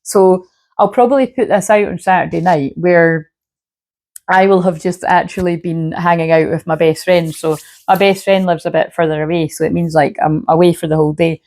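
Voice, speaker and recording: A woman with a low, gravelly voice gives a casual spiritual reading to camera. Her throat is sore and a little rough from filming. She rambles, swears freely and keeps checking in with "you know what I mean". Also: fairly even intonation, moderate pace, darkish tone. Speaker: shamanic healer and spiritual reader.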